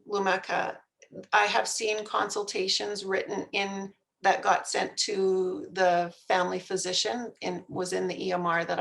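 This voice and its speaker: A woman explains a service in detail, pausing on fillers. Her voice has a gravelly fry. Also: mid-range voice, low-quality recording. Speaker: health care speaker. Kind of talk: answering questions.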